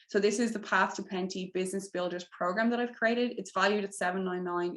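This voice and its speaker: A young adult woman coaching a live online masterclass, pitching her program warmly and getting emotional as she talks. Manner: heartfelt, gets emotional, breaks into tears and laughter. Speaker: mindset coach hosting a masterclass. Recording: echoey room.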